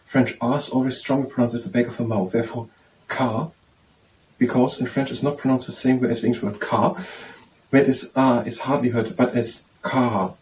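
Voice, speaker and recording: A man working through a French phrase book aloud, halting and thinking out loud as he slowly repeats each phrase several times. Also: medium pitch. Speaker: language learner teaching himself. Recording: distant mic with faint room noise.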